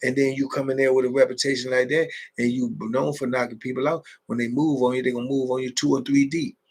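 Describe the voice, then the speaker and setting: A man's voice: mid-range voice, flat delivery, quick pace, a little mellow, slightly rough. A middle-aged man hosting a late-night live chat, telling stories in street slang, repeating himself and laughing often. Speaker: host.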